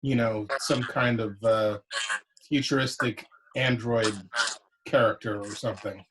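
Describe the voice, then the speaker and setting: A man co-hosting a casual podcast, relaxed and easygoing. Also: lowish voice, a little slow. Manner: relaxed, laughs easily. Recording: noisy call line.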